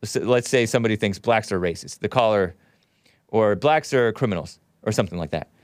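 A man with a fairly low voice hosts a casual call-in show, talking fairly quickly in a rambling way that often breaks off into laughter. The sound is clean studio audio with no echo.

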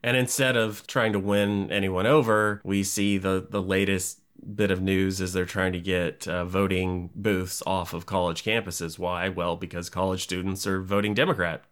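A man's voice: low-pitched, level tone, moderate pace, hardly any pauses, fairly bright tone, clean tone. A man hosting a podcast interview, speaking earnestly and hesitantly. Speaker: podcast host.

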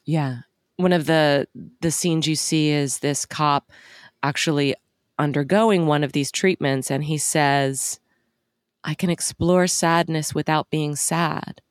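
A woman's voice: low-pitched, steady tone, slow pace, no room sound, clean studio sound. A woman co-hosting a podcast, talking thoughtfully and sometimes searching for words. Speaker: podcast co-host. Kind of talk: casual chat.

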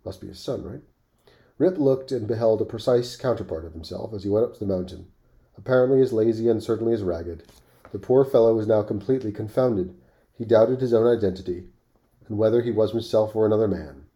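A man reading a classic story aloud on his podcast, expressive, with offhand asides. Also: lowish voice, fast.

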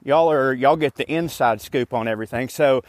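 A man's voice: medium pitch, moderate pace, no room sound. A man, out of breath as he walks and talks into his phone, giving a chatty, joking update to his podcast listeners. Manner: chatty, laid-back, joking. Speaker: podcast host. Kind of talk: casual walking update. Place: outdoors on a walk. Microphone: phone mic instead of usual microphone.

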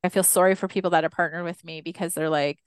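Smooth-voiced woman telling a story. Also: lowish voice, quick pace, no echo. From Canada, Six Nations Mohawk community. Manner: animated storyteller acting out quoted dialogue, laughs often. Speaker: guest, Indigenous educator. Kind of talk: storytelling in a podcast interview.

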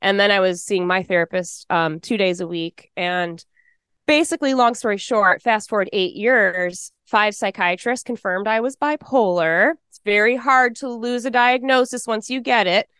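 A woman in her forties from Texas, telling her personal testimony in an interview, emotional and fast-talking. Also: medium pitch, a bit bright, smooth, no room sound, clean studio sound.

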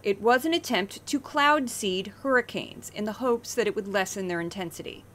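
A woman hosting a podcast, giving chatty, wry commentary on news clips with animated asides. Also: medium pitch, normal speed. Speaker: podcast host. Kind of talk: casual commentary.

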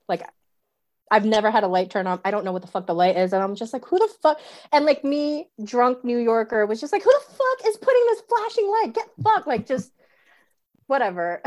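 A young woman, a stand-up comedian telling a story in casual chat, animated, full of fillers and swearing. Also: mid-range voice. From New York City.

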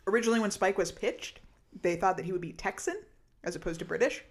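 Animated woman podcast host. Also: mid-range voice, a little hiss or hum. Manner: animated, swearing, quick outbursts. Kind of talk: casual chat.

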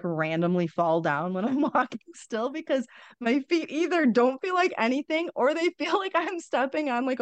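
A middle-aged woman talks as a podcast guest, telling her own story bluntly and with plenty of energy. She swears without a second thought and laughs through the grim parts. Her voice sits at an ordinary pitch for a woman and sounds close and dry, with no room around it. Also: dry recording. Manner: blunt, animated, swears freely, laughs through hard memories. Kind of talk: candid conversational storytelling.

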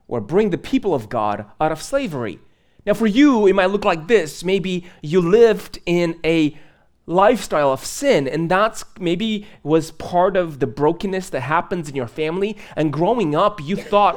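A pastor from Moldova preaches a live sermon in church, his high voice animated yet unhurried. He keeps it chatty and conversational, laughing and throwing in asides.

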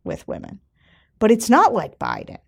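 A woman co-hosting a podcast in casual political chat, animated and laughing often. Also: medium pitch, normal speed, gravelly, husky. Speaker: podcast co-host.

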